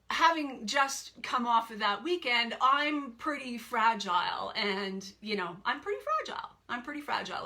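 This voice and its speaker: Slow, bright-voiced woman coach. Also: on the high side. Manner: emphatic, repeats phrases for weight. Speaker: life coach. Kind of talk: personal story to viewers.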